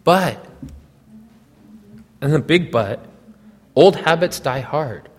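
High-voiced man preaching in a reverberant hall. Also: expressive, takes it slowly. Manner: storytelling, addresses listeners directly. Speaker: pastor. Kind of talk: sermon.

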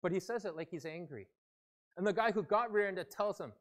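A pastor delivers a sermon with earnest, conversational warmth of delivery, pitched in an ordinary middle range. The speech moves like someone talking with a congregation rather than reading at it. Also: a little fast.

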